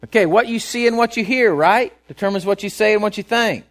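A man's voice: sits high, a little fast. A pastor preaching a sermon from a church pulpit in plain, folksy words, acting out the voices of the people he describes. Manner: animated, acts out voices of people he quotes.

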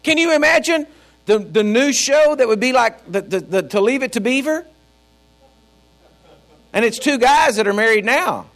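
A man's voice: extremely high pitch, animated, normal speed, long pauses, a bit bright. A man preaching a sermon as pastor, fiery and folksy, with joking asides. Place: church.

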